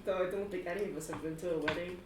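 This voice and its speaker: A woman narrating a tabletop game as game master, animated and giggly. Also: fairly low pitch, racing, very noisy. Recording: roomy, far from mic.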